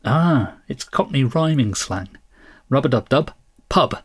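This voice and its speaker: A man's voice: medium pitch, animated, unhurried, slightly rough, no room sound, clean studio sound. A man co-hosting a podcast, chatting casually and often laughing as he explains things. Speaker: podcast co-host.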